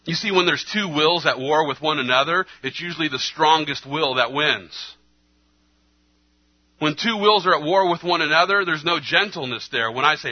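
A man preaching a sermon earnestly, his delivery moving between hushed, slow passages and emphatic ones. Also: a little high. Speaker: pastor. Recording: slightly dull lo-fi sound.

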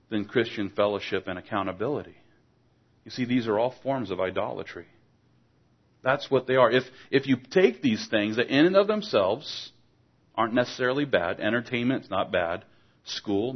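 Male preacher, mid-pitched, earnest exhortation, rhetorical questions, slightly muffled lo-fi sound. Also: slightly rough. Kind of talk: sermon. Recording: dull lo-fi recording.

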